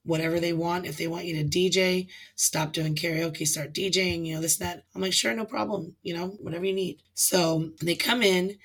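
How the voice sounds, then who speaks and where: A woman guest on a podcast, a karaoke host telling a story in a casual, animated way and acting out what people said. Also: fairly low pitch, normal speed, few pauses, breathy edge. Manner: animated storyteller acting out quotes, laughs often.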